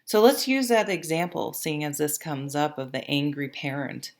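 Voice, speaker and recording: A woman's voice: sits low, expressive, normal speed. A woman giving a casual, chatty tarot reading to camera, rambling and often breaking off mid-sentence. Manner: chatty, rambling, self-interrupting. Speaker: tarot reader.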